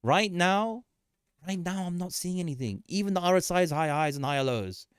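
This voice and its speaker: A man hosting a casual market commentary livestream, animated and joking, often repeating himself and laughing. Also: high-pitched, normal speed, smooth, no room sound, studio quality. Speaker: livestream host.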